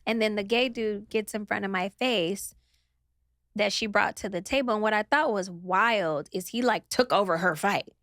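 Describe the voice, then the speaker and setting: A woman's voice: mid-range voice, normal speed, a bit bright, no echo, clean studio sound. A young adult woman, a guest in a casual interview, telling a story with animation, mimicking other people and swearing freely.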